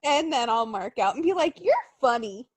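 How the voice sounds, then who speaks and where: Young woman cohost, high voice, fake-mad and sarcastic, swings all over. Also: lively intonation, brisk, no room sound. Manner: mock-angry, sarcastic, swearing. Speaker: podcast co-host. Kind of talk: casual chat.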